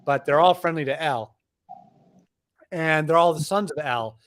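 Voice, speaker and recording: A middle-aged man, an author, explaining things in a lively, discursive way with frequent restarts. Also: fairly high pitch, a little slow. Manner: animated storyteller, frequent restarts. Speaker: author, interview guest. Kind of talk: conversational explaining.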